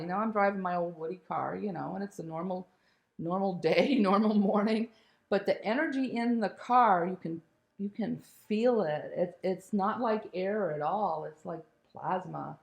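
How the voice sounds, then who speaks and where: A woman telling a personal spiritual story in a candid, animated way, swearing casually and laughing as she goes. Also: mid-range voice, moderate pace, creaky. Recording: roomy echo.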